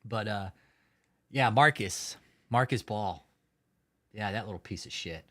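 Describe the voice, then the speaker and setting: On a livestream, a male host with a lowish, slightly bright voice talks at an unhurried pace, chatting casually. He reads viewer comments aloud with profane mockery and laughs a lot.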